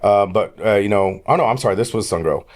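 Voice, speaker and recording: Lively, rambling middle-aged man. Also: on the low side, quick pace. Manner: rambling, animated storyteller who acts out quoted dialogue. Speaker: podcast guest. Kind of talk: casual storytelling.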